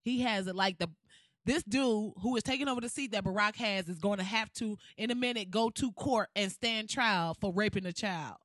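A woman's voice: mid-range voice, normal speed, no echo, studio quality. A woman ranting in a comedic, profane way, laughing often and acting out what people would say. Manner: animated, profane, laughs often, acts out quotes. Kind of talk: casual comedic rant.

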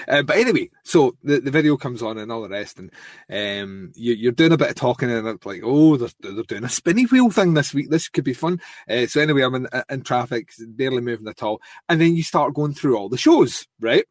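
A Scottish man co-hosting a podcast in casual chat, telling a story with lively swearing and quick impressions of others. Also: medium pitch, dry recording, studio quality. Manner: animated storyteller, swears freely, mimics others. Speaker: podcast co-host.

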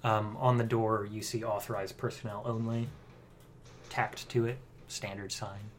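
A man's voice: lowish voice, little pitch movement, unhurried, background noise. A man narrating as game master of a tabletop horror game, casual and often laughing. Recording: background music.

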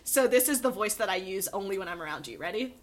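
A woman co-hosting a podcast in casual chat, laughing often and filling pauses with ums. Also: medium pitch, expressive. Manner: giggly, lots of ums and laughs. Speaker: podcast co-host.

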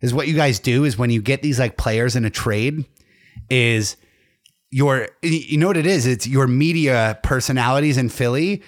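A man's voice: mid-range voice, moderate pace. Joking casual podcast host, a man. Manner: loose, joking, swears freely.

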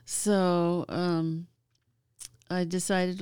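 Smooth-voiced chatty woman. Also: fairly low pitch, no echo. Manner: chatty, laughing often, halting with fillers. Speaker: guest. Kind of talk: casual storytelling.

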